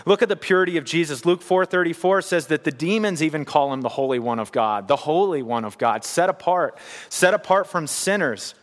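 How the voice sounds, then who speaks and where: A man's voice: a little high, expressive, a little fast. A man preaching a sermon in a church hall, earnest and repeating key lines for emphasis. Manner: earnest, building to emphatic repetition. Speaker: pastor. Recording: long hall reverb.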